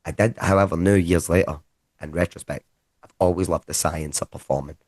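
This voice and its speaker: Deep-voiced Scottish man telling stories. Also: brisk, no room sound. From Scotland. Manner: lively, rambling anecdotes with casual swearing. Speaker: comedian guest. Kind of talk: casual conversational storytelling.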